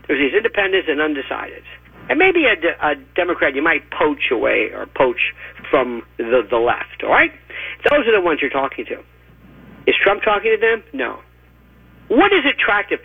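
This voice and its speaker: A man's voice: high voice, breathy edge, no echo. A man giving opinionated, mocking commentary on a radio show by phone, talking in an emphatic ranting way. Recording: tinny phone line.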